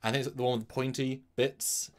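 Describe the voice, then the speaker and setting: A man co-hosting a casual chat, recapping a story from memory in a rambling, animated way with sudden jumps in pitch. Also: fairly quick. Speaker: podcast co-host recapping an episode from memory.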